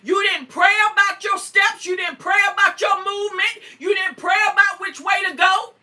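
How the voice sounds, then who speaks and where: A woman preacher from North Carolina, preaching fervently with frequent whoops and shouts and greeting listeners by name. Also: extremely high pitch, normal speed, recorded from a distance. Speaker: preacher on a morning show. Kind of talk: sermon.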